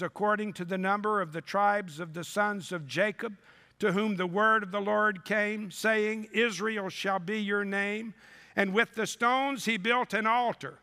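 Male preacher, slow, sarcastic scripture sermon, long echo of a big hall. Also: high-pitched. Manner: reads scripture aloud and breaks in with lively, sarcastic asides.

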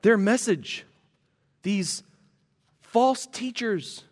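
A man's voice: sits high, animated, extremely slow, long reverb tail. A man preaching a sermon as pastor, teaching earnestly and repeating key phrases for emphasis.

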